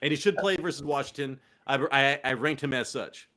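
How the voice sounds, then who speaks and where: A man's voice: medium pitch, fairly quick, bright, forceful tone. A young man with a Californian accent, hosting a casual fantasy football show with loose, profane, laughing banter. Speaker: podcast host.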